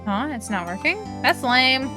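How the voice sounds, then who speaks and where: A woman's voice: sits high, sing-song, a little slow, over music. A woman voicing a playful, pouty teenage girl talking to her older sister, read aloud from a game.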